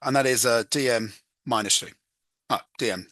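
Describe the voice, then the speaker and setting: Working a chemistry exam problem in a relaxed tutoring style, this talkative man mocks his own mistakes and hums "da da" while writing. He speaks at a normal speed in a bright, forward, mid-range voice, recorded up close and dry without any room sound.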